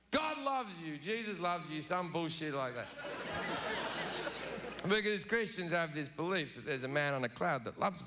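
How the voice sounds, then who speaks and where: A man's voice: a little high, pushed and bright. A middle-aged man doing a profane, provocative stand-up routine on a big stage. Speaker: stand-up comedian. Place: large theater stage. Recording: noisy live venue recording.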